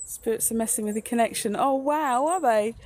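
A woman livestreams a ghost walk outdoors on her phone, speaking a little fast in a darkish voice on the high side. She chats with viewers as a paranormal streamer, joking and laughing often.

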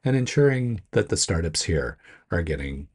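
A man hosting a casual weekly startup news video, his voice hoarse and gruff from smoky air, talking in a rambling, self-deprecating way. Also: very animated, normal speed, a little mellow. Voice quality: gruff, lowered voice.

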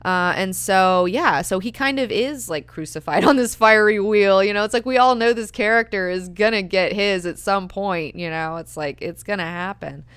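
A woman's voice: medium pitch, normal speed, few pauses, fairly bright tone, clean tone, dry recording. A young woman hosting a book club, talking casually and filling her speech with "like" and "you know". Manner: chatty, lots of "like" and "you know".

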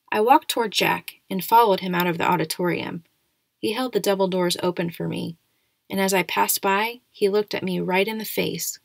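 Woman reader, audiobook narration, gravelly, dry close mic. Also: medium pitch, no room sound. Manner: steady, quiet first-person narration. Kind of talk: reading a novel aloud.

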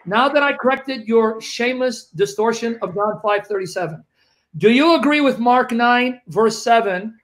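A man's voice: very high-pitched, moderate pace, fairly bright tone. A man debating heatedly, accusing his opponent of lying and reading scripture aloud to refute him. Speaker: Christian debater.

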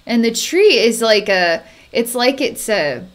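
A woman psychic narrating a distance energy healing in a halting way, with frequent fillers and soft chuckles. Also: fairly high pitch, lively intonation. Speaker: psychic healer.

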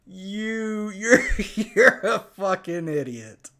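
A man's voice: high-pitched, lively intonation, very slow, sharp tone. A man giving crude, scornful reaction commentary on a video, swearing often and breaking into laughter. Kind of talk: profane mocking commentary.

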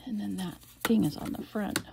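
A woman's voice: mid-range voice, normal speed, creaky, noisy background. A middle-aged woman casually showing off a handmade album, chatty and rambling, with frequent laughs and whispered asides. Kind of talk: casual show-and-tell.

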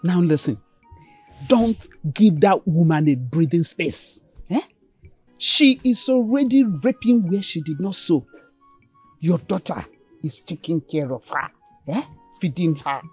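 Husky, scheming friend with a Nigerian accent, scolding insistently. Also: female voice, lowish voice, big pitch swings, a little slow, no echo, faint music behind, exaggerated voice. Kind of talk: Nollywood film acting.

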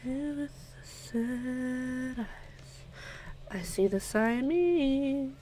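Over music, a young woman chats through a let's-play, talking to and cooing at the pets in her game. She speaks slowly in a high voice, leaving long pauses.

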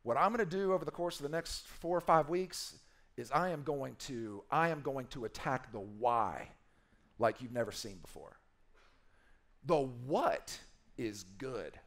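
A man's voice: mid-range voice, fairly bright tone. A man preaching a sermon as a pastor, playful and emphatic, acting out quoted voices and repeating key phrases.

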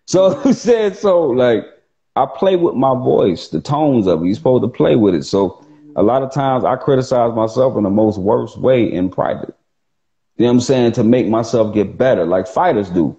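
A man with a baritone voice, a poet chatting as a guest on a live video call, animated and playful with his tone. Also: moderate pace, muffled recording. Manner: animated, plays with his voice tones, laughs easily.

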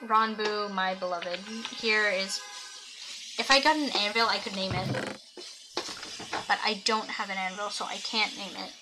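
A young woman streams a video game, chatting casually with viewers and thinking out loud as she plays. Her medium-pitched voice is fairly even and a little slow, with long pauses. Music plays underneath, and the low-quality recording carries audible background noise.

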